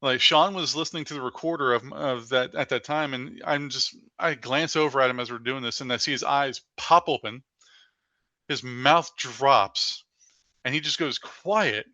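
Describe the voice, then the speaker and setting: A man's voice: mid-range voice, moderate pace, no echo, dull audio. A man, a paranormal investigator, telling stories as a guest in a casual podcast interview, filling his speech with "like". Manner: animated storyteller with frequent "like" fillers.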